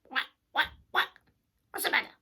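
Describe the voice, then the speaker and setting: A woman's voice: moderate pace, bright, forceful tone. Woman voicing a quacking nosy duck. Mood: teasing. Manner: quacking, teasing. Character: nosy male mallard duck.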